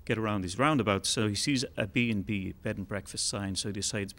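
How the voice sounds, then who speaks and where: A man telling a long joke on stage in a relaxed, rambling way, with fillers. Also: lowish voice, fairly quick. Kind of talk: told joke, live storytelling. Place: concert hall.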